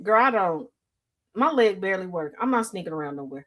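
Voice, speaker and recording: A woman's voice: mid-range voice, big pitch swings, quick pace, a bit bright. A woman hosting a casual chat show, talking candidly and laughing often. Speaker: host.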